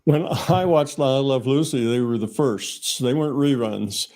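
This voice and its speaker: A man's voice: mid-range voice, a little slow, a little mellow. An older man answering as a guest in a casual chat, thoughtful and a little hesitant.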